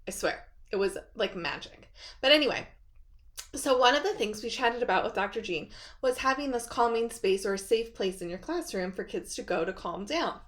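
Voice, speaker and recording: A woman's voice: medium pitch, a bit bright. A woman who teaches kindergarten, talking to other teachers in a chatty, upbeat way full of rhetorical questions. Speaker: kindergarten teacher and educational video host. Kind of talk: friendly teacher talk to camera.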